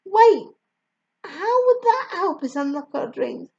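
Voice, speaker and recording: A woman's voice: extremely high pitch, big pitch swings, slow, creaky, pitched above the performer's own voice, heavily acted. A woman voicing a worried schoolgirl who sounds hurt, on a slightly dull recording. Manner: soft, hurt.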